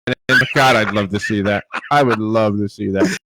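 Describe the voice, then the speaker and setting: A man's voice: fairly low pitch, normal speed, a bit bright, no room sound. A man co-hosting a podcast, teasing his friends in casual chat. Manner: playful teasing. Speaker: podcast co-host.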